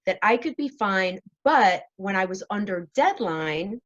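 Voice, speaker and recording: A woman's voice: mid-range voice, moderate pace, few pauses, highs cut off. A woman host, being interviewed, chatting casually and laughing at herself often over a video call. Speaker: show host, interviewed as guest.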